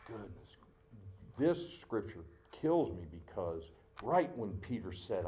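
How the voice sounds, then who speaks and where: A middle-aged man preaching a sermon as pastor, with an emotional, dramatic delivery that swings between loud outbursts and hushed asides. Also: sits low, normal speed, dull audio, a little hiss or hum.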